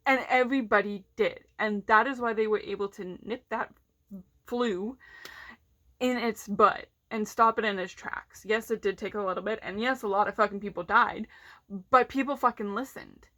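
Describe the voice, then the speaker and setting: A woman's voice: mid-range voice, moderate pace, a bit bright. A woman vlogger ranting casually and bluntly, swearing heavily and sounding frustrated.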